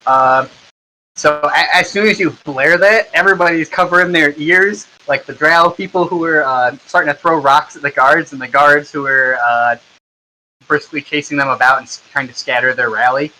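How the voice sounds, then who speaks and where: A man's voice: on the high side, normal speed, bright, forceful tone, slight background noise, low-quality recording. A young man running a tabletop game as game master, narrating in an easygoing way with lots of ums. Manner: easygoing, many ums and likes.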